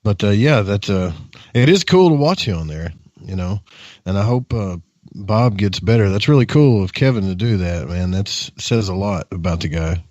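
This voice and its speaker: A man chatting on a radio show, relaxed and reflective. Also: fairly low pitch, moderate pace, no echo, lo-fi sound. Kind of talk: casual radio chat.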